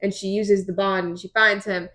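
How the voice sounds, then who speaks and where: A young woman co-hosting a podcast, recapping chapters in an animated, chatty way with lots of fillers. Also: medium pitch. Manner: animated, quick storytelling with many fillers. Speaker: podcast co-host. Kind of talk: casual book recap chat.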